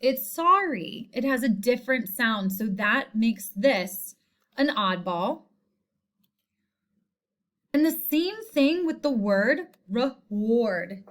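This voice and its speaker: Woman teacher, slightly high voice, slow and deliberate, patient classroom delivery. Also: lively intonation. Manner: slow, clear, patient explaining. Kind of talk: recorded spelling lesson.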